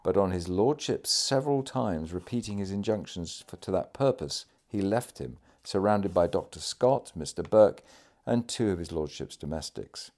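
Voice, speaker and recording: A man reads a historical account aloud in a measured, formal manner. His voice sits fairly low. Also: animated, a little mellow. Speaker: audiobook reader.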